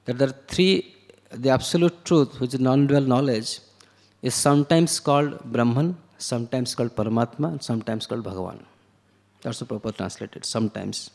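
A man's voice: mid-range voice, normal speed, gravelly, a little mellow. A man giving an explanatory lecture on scripture, walking through verses and the meaning of words one step at a time. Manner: chants verses in Sanskrit. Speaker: scripture class teacher. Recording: long echoing hall reverb.

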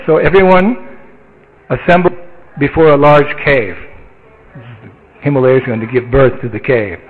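A man's voice: medium pitch, moderate pace, long pauses, husky. Man giving a sermon, tinny sound. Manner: storytelling, conversational, chuckling. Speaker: spiritual teacher. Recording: tinny phone-like line.

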